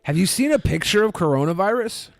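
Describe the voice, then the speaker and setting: A man's voice: sits high, expressive, fast talker, creaky, dry recording, clean studio sound. A man co-hosting a podcast, telling rambling jokey stories in casual banter. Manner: joking, rambling storyteller. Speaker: co-host.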